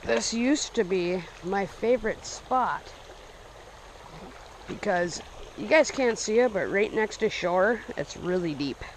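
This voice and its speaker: A young man narrating his fishing trip casually outdoors, breaking into excited outbursts when he hooks a fish. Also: high voice, slow, slight background noise. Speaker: fishing vlogger. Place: outdoors by a small stream. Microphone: action camera. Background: running stream water.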